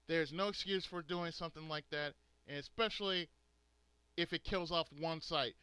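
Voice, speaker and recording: A man's voice: a little high, normal speed, pushed and bright, smooth, no echo. Furious swearing man ranting. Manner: angry, profane, emphatic ranting. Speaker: gaming video host. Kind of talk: angry rant to subscribers.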